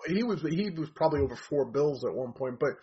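A man's voice: on the high side, lively intonation, fast, warm tone. A man giving blunt, rambling opinions in a casual chat about comedians. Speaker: comedy commentator. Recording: dull lo-fi audio.

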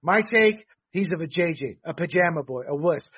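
A man hosts a sports talk show, delivering blunt, emphatic opinions and stumbling over fillers as he goes. His voice sits high and bright with a husky edge. The audio is dull and lo-fi. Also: lively intonation, normal speed.

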